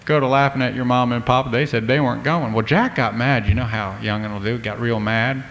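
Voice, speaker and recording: A man's voice: medium pitch, fairly even intonation, a little fast, a bit bright. A man telling a folk tale in a folksy, drawling way, talking to the listener. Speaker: storyteller.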